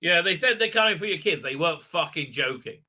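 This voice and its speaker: A man giving a rambling, sarcastic review of a TV episode, halting often with filler words. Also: on the high side, expressive, bright, forceful tone.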